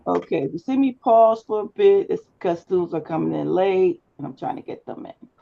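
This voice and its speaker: A woman's voice: on the low side, lively intonation, brisk, gravelly. A woman instructor giving a live online lecture, firm and instructive as she addresses her students directly. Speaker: public speaking instructor. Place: video class call. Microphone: computer mic on a video call. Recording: slightly dull video call audio.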